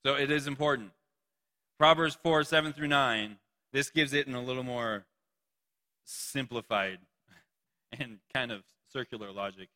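A man's voice: medium pitch, measured pace, long pauses, bright, forceful tone, in a large hall. A young man preaching a sermon to a youth group, playful and joking between points. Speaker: youth pastor.

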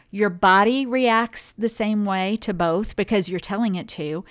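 A woman hosting a motivational talk on well-being. She speaks directly and conversationally to her listeners, with a voice of middling pitch.

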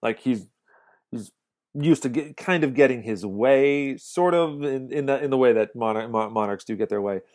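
A man co-hosting a podcast, talking through a film in a thoughtful, halting way with many restarts. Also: mid-range voice, darkish tone. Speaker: podcast co-host. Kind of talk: casual film discussion.

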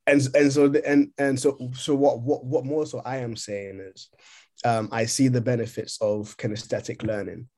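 A man co-hosting a podcast over a remote call, talking casually and haltingly, often repeating words as he thinks. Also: medium pitch, little pitch movement, a little mellow. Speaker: podcast co-host. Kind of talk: casual discussion.

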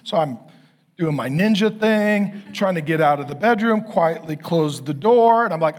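Pastor in his fifties, unusually high-pitched male voice, storytelling sermon with comic asides and acted-out quotes. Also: a little slow. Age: 50s. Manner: animated, self-deprecating storytelling with acted quotes.

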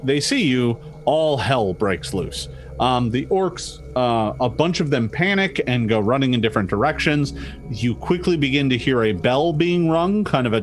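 A young man narrating a tabletop game as game master, hesitant with many fillers and frequent laughs. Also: medium pitch.

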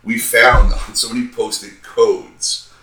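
A man in his thirties, a podcast co-host, telling a profane, animated story with acted-out quotes. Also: medium pitch, slow pace, distant mic. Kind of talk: casual storytelling chat. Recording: roomy sound, a bit off-mic.

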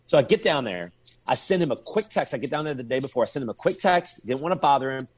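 A man's voice: mid-range voice, fast talker. A man, a podcast guest telling stories in casual chat, acting out his own texts and thoughts. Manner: animated storyteller, acts out his own texts and inner thoughts.

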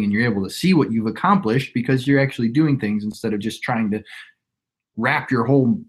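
Podcast guest, male, 20s, lower pitch, reflective rambling delivery. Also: a little fast, breathy edge. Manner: reflective, rambling with frequent restarts. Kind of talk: casual conversation.

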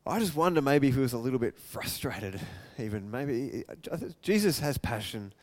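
A man preaching a sermon, retelling scripture and acting out the quoted lines, swinging from loud and excited to hushed and soft. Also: medium pitch, moderate pace, few pauses.

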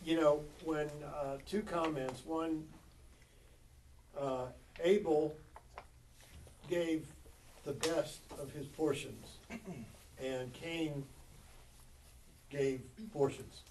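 Study group member: man, very slow and halting, heard from a distant mic with faint noise. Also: on the high side, steady tone, a little mellow. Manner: halting, thinking aloud with many ums. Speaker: Bible study participant. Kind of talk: group Bible study discussion.

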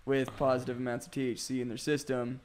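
A man's voice: mid-range voice, little pitch movement, fast, darkish tone. A man co-hosting a casual chat among friends, joking and laughing into his lines.

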